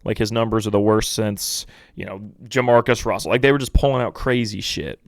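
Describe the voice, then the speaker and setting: A young man with a somewhat low voice talks through a casual solo sports podcast, rambling from point to point with animated swings. The sound is close and dry, with no room around it. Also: brisk, vocal fry, no room sound. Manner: rambling, animated, mocking impressions of pundits. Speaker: podcast host.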